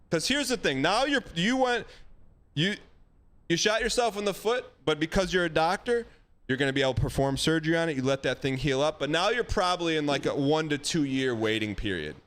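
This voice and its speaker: A man's voice: on the high side, a little fast. A man hosting a live stream, giving a caller emphatic, folksy dating advice in a casual chat. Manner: animated, emphatic, folksy with dog metaphors.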